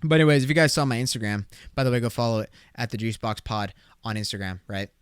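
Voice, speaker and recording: A young man hosting a casual solo podcast, rambling excitedly with slang and swearing. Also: mid-range voice, fast talker, clean tone, no room sound, clean studio sound. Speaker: podcast host.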